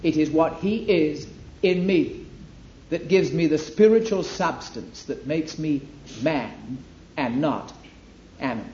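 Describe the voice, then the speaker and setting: A man preaching a sermon, emphatic, rising to loud declamation when he reads scripture. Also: a little high, slow, a little hiss or hum. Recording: echoey hall, dull lo-fi, faint ambience.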